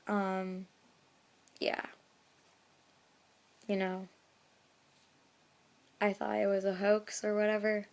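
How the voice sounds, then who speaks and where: A woman's voice: medium pitch, flat delivery, slow pace, creaky, pauses often, darkish tone. A young woman telling a story in a casual vlog, chatty, with lots of fillers, often slipping into a whisper, filmed on her phone in her bedroom at night. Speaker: vlogger. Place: bedroom at night, window open. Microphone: phone camera.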